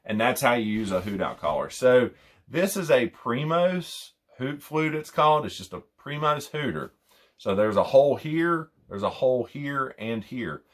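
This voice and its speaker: A young man with a mid-range voice and big pitch swings explains hunting calls at a moderate pace, casual and rambling. As a hunting call instructor, he repeats phrases while demonstrating and imitates owl hoots.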